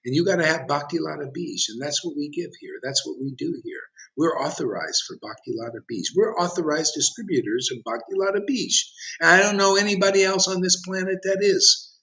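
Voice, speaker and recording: A man's voice: a little high, fairly quick, bright, forceful tone. A man giving an impassioned, provocative sermon as a spiritual teacher, challenging his listeners directly. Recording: dull lo-fi recording.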